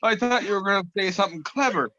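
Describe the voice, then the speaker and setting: A man's voice: high voice, fast, pushed and bright, dry recording. A man co-hosting a podcast, teasing and swearing bluntly in casual banter over a call. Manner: blunt, combative, swears a lot. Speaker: podcast co-host. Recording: dull lo-fi call audio.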